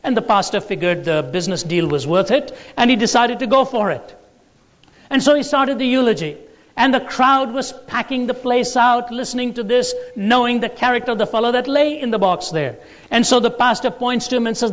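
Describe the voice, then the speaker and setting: High-voiced man lecturing in an echoing hall. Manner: deliberate, storytelling delivery. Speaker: Christian apologetics lecturer. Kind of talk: lecture with anecdotes and jokes. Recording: dull lo-fi recording in a large reverberant hall.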